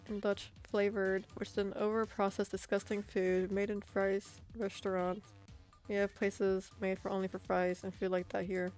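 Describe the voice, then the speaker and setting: A woman's voice: medium pitch, darkish tone. An American woman streaming her art, chatting casually with viewers in a rambling way and laughing often. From United States.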